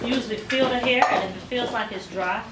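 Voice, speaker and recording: A woman's voice: on the high side, fairly quick. A woman hair stylist explaining her work in a chatty, step-by-step way, with frequent ums, during a salon demonstration. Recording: roomy distant mic with salon noise.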